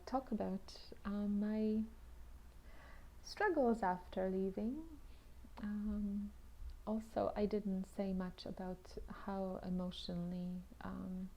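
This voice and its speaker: Woman vlogger, casual personal storytelling, chatty with restarts and exclamations, slips into half-whispers. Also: medium pitch. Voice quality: lively, often drops into soft half-whispered asides. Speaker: vlogger telling her own story.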